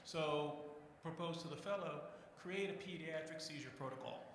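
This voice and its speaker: A man's voice: on the high side, normal speed, a bit bright. A man in the audience at a conference offering an idea, informal and thinking aloud as he talks. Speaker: audience member commenting. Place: lecture hall. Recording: echoey hall with faint background noise.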